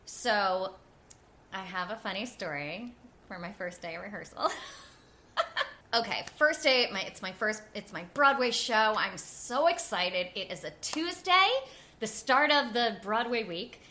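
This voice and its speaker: Bright, chatty New woman. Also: medium pitch, measured pace. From New Jersey. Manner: animated and chatty, with frequent "like" and laughter. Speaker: guest. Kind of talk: casual interview storytelling.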